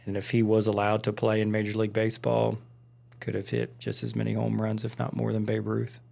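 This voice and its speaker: A man's voice: fairly low pitch, completely flat delivery, fairly quick, vocal fry, darkish tone. A man co-hosting a podcast, casually telling a rambling story with lots of fillers in a studio. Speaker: podcast co-host. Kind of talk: casual chat.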